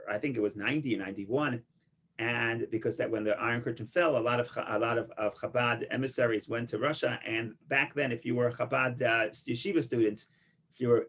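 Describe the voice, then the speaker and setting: A man teaching an informal Torah class, an animated storyteller with many restarts who gets loud for punchlines. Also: mid-range voice. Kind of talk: informal Torah lesson with stories and jokes.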